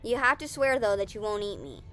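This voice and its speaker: A woman's voice: mid-range voice, sing-song, brisk, fairly bright tone. A woman voicing a desperate male bunny, a husband and father, pleading and begging in a spoken story.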